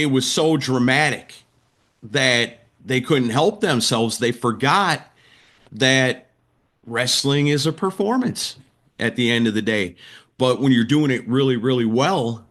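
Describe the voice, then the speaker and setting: A man's voice: medium pitch, fairly bright tone. Man telling a wrestling story with gusto. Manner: acts out quotes, vivid play-by-play retelling. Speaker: wrestling ring announcer and writer, guest. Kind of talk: animated storytelling in a podcast interview.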